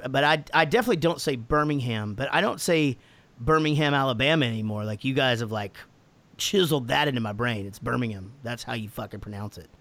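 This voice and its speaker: A man's voice: mid-range voice, expressive, fairly quick, a bit bright. Laid-back American man, swearing and rambling. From United States. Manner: laughing, profane, rambling with restarts. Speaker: band member answering fan questions. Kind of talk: casual podcast chat.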